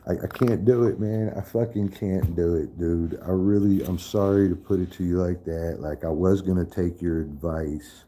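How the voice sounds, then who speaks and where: A man's voice: low-pitched, normal speed, hardly any pauses, mellow. A man in a casual live stream chat, profane and trash-talking, laughing often.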